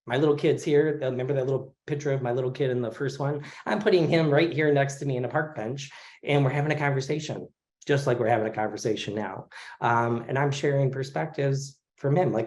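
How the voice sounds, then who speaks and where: A man in his forties leads an online class on healing the inner child. His speech is loose and friendly, full of pauses and fillers. His voice sits at a middle pitch and comes through a video call. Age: 40s. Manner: relaxed and conversational, with many fillers. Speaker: craniosacral therapy instructor. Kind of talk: casual online lecture.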